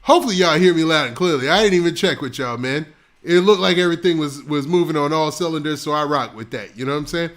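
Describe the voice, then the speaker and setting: A man hosting a casual live stream on a close mic, shouting out viewers' locations and talking in laid-back slang. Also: a little high, fast. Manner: shouting out viewers' locations one after another.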